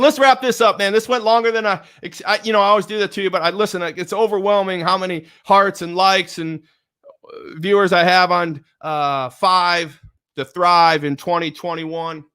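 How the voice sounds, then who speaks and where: A middle-aged man giving a motivational talk, energetic and repetitive, chanting pep-talk lines at himself. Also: sits high, smooth. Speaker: motivational speaker.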